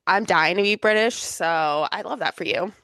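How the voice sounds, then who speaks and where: A woman co-hosting a podcast in relaxed casual chat, mostly agreeing and adding quick comments. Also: fairly low pitch, dry recording. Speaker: podcast co-host.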